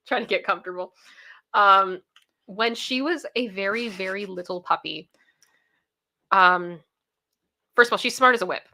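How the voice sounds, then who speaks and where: A woman's voice: mid-range voice, measured pace, pauses often, bright, forceful tone. A young woman hosting a casual livestream, chatty and repeating herself as she thanks viewers by name. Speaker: livestream host.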